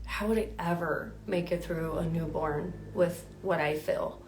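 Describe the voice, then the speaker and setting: Lady coach chatting about her own story, kinda low voice, acts out what people said. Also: moderate pace, hardly any pauses, a little hiss or hum. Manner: animated, acts out quoted voices, many fillers. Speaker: health coach. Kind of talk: personal storytelling to viewers.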